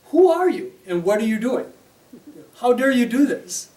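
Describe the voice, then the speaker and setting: A man voicing an indignant middle-aged male scholar, shouting in outrage in a retold story. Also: very high-pitched, big pitch swings, normal speed, voice pushed up. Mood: outraged. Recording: roomy, distant mic, faint noise.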